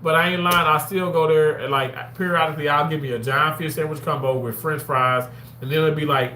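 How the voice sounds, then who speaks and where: A fairly high-voiced man talks casually to his stream audience, rambling from one thought to the next and jumping up into loud, excited bursts. His voice sounds roomy, with faint background noise behind it. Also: a little fast. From Mississippi. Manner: animated, rambling, swings into loud excited outbursts. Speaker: vlogger reading live chat. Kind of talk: casual live-stream chat. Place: outdoors on a walk.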